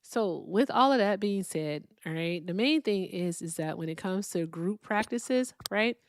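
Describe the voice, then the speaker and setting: A woman's voice: medium pitch, lively intonation, a little slow, no echo, clean studio sound. A woman hosting a live call-in debate stream, chatting casually, thanking viewers by name and explaining things patiently.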